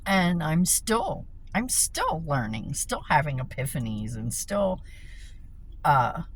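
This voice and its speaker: A woman's voice: deep voice, sing-song, slow pace, slight background noise. A woman vlogging a casual rant, swearing freely, laughing often and repeating herself.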